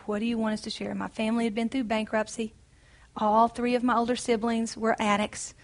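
A woman leading a Bible study, speaking in an earnest, encouraging, conversational way. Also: medium pitch.

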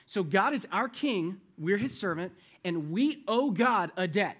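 Young guy pastor, pretty high voice, chatty laid-back sermon to a youth group. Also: animated, a little slow, a bit bright. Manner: casual, conversational preaching to a youth group.

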